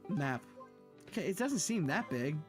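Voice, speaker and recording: Excitable swearing streamer man. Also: on the high side, moderate pace, soft background music. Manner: excitable, joking, swears a lot, sudden yells. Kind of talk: casual game-stream commentary.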